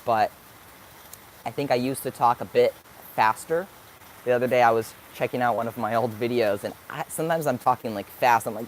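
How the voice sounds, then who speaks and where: Teenage boy, live stream chat, answering viewer questions, thinking aloud, medium pitch, faint background noise. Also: brisk. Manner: thinking aloud, searching for words; upbeat, sometimes hyper. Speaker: vlogger.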